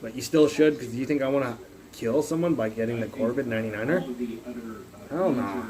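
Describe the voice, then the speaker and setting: A man's voice: mid-range voice, fast talker, a crowd in the background, low-quality recording. Profane rambling man on a phone stream. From Canada. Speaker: livestreamer. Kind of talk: rambling casual rant.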